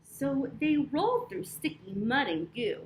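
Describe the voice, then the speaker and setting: A woman's voice: high voice, very animated, measured pace. A woman reading a picture book aloud to children, sing-song and encouraging, guiding them through yoga poses and sign language. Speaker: children's storyteller and yoga teacher. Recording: echoey room.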